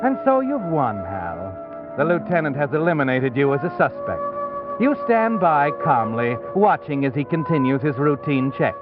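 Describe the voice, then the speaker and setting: A man's voice: fairly high pitch, very animated, moderate pace. An actor playing a mysterious, all-knowing male narrator in a 1940s radio drama, speaking in an ominous, taunting way. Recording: dull 1940s radio broadcast with music. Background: music.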